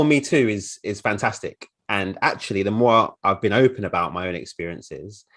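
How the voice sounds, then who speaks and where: A man's voice: lowish voice, a bit bright. A man speaking earnestly at a conference session, with frequent hesitant repeats. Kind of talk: presentation talk.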